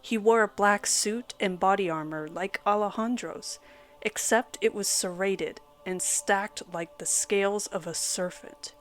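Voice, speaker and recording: A woman's voice: mid-range voice, a little slow. Woman narrating a horror story over music. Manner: steady storytelling read.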